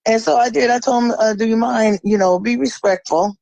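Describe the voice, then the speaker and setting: A middle-aged woman calling in and speaking in a forceful, emphatic, preachy way. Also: a little high, steady tone, a little fast, gravelly, no echo, low-quality recording. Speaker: caller. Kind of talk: impassioned monologue.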